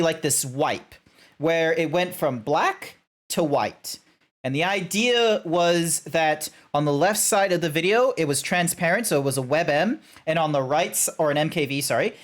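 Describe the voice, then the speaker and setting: A man streaming live, rambling casually with lots of fillers and swearing. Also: a little high.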